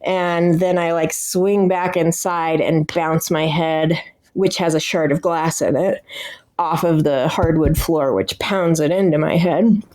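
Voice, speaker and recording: A woman's voice: deep voice, fairly even intonation, measured pace, a little mellow. A young woman, a podcast guest, telling her recovery story candidly with blunt swearing and frequent fillers.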